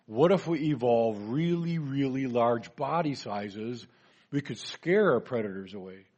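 A man's voice: medium pitch, expressive, measured pace, darkish tone, dull audio. A man voicing a clever male dinosaur in a told joke, pleased with himself.

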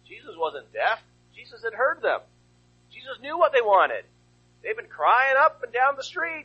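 Animated, husky-voiced male preacher. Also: very high voice, unhurried, muffled recording. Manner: rhetorical questions, animated storytelling. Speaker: pastor. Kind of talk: sermon.

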